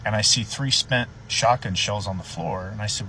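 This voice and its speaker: A man, a sheriff's deputy, casually telling a story in a profane, animated way. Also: lowish voice, brisk, slight background noise, low-quality recording.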